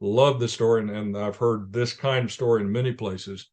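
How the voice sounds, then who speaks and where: A man's voice: fairly low pitch, fairly even intonation, moderate pace, darkish tone. A man, a ministry leader, answering interview questions in an earnest, explanatory way with frequent restarts.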